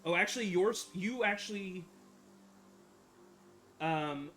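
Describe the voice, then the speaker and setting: Male game master narrating a tabletop game, kinda high voice, lots of ums and restarts. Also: a bit bright, a little hiss or hum. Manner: halting, many fillers, self-correcting.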